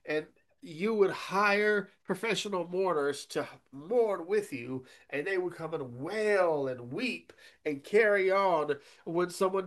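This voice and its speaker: A man preaching a sermon as a pastor, emphatic, often checking in with "okay?", and swinging between loud emphasis and quiet asides. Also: high voice.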